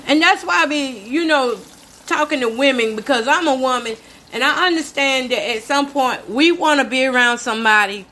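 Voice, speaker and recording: A woman's voice: high voice, bright, forceful tone. An older woman hosting a casual vlog, telling a story in a chatty, emphatic way while cooking. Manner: chatty, emphatic, addresses listeners as y'all. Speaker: show host. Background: talks while cooking.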